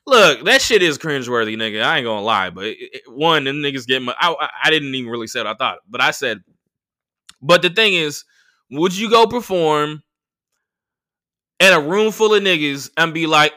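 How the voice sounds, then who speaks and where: A young man rants through a story on his podcast, cursing freely and acting out each person he quotes. His voice sits high for a man. It has a very bright, sharp edge. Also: normal speed. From United States. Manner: animated, profane, acts out quoted people. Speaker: podcast host and comedian. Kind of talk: casual storytelling rant.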